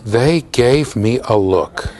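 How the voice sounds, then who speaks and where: A man's voice: medium pitch, lively intonation, slow, a little mellow. A middle-aged American man giving a university lecture, telling stories with asides to his students. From United States. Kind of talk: storytelling classroom lecture.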